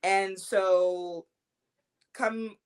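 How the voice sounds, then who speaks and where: A woman's voice: medium pitch, steady tone, drawn-out words, clean tone. A young woman, a wrestling champion, talking confidently in a casual interview, trash-talking her opponents between fillers and restarts.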